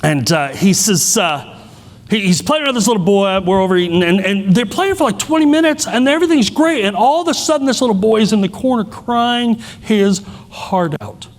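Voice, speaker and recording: A man's voice: high-pitched, lively intonation, moderate pace. Middle-aged male keynote speaker, candid and self-deprecating, with a long reverb from a large hall. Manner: candid, self-deprecating storytelling with many restarts. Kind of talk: personal storytelling keynote.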